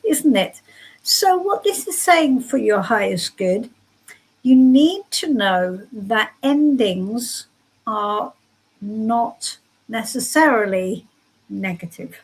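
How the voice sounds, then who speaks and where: Woman, tarot reader, husky voice, reassuring, unhurried. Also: fairly high pitch, animated, poor audio. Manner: soothing, reassuring guidance. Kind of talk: live-stream tarot reading. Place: home.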